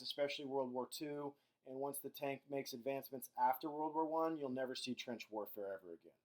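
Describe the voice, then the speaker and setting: A man's voice: on the high side, a little mellow. A man teaching a recorded history lecture in a casual, joking way, with frequent fillers.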